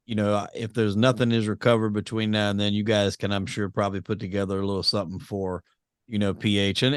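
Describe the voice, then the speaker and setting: A man's voice: lowish voice, clean tone, dry recording, clean studio sound. A man hosting an interview, chatting in an easygoing, conversational way. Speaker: interview host. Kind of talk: casual interview chat.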